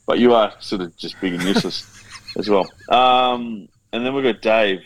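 A man's voice: fairly low pitch, normal speed, rough recording. A man co-hosting a podcast, teasing his friends in casual banter and swearing freely. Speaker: podcast co-host.

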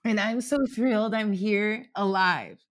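A man's voice: sits high, a little slow, fairly bright tone. A man in his thirties talking candidly and at length as a guest, rambling with lots of "like" and casual swearing, recorded at home. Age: 30s. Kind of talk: casual heartfelt conversation. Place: home apartment.

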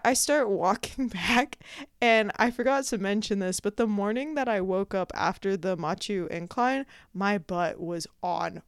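A woman's voice: mid-range voice, normal speed, clean tone, no room sound, clean studio sound. A young adult woman hosting a podcast. She tells a story in casual, self-mocking chat, laughs often and acts out her own thoughts. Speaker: podcast host.

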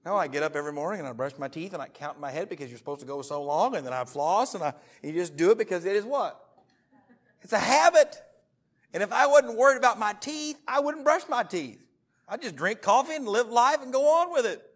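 Preacher in his 30s, slightly high voice, lively, jokey storytelling with loud bursts. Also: a little fast. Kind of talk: sermon. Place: church meeting room.

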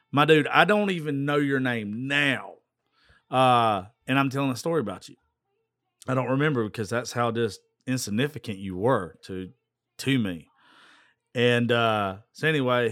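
A man's voice: medium pitch, fairly bright tone, dry recording, clean studio sound. Blunt, profane man ranting on a podcast. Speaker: podcast host. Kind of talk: casual storytelling rant.

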